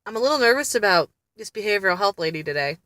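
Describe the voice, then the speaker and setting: A woman's voice: mid-range voice, animated, very fast, pushed and bright, no room sound. A woman chatting candidly to camera as a mother, blunt and often laughing as she talks. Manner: exasperated, blunt. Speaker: mother vlogging about family therapy. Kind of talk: casual vlog chat.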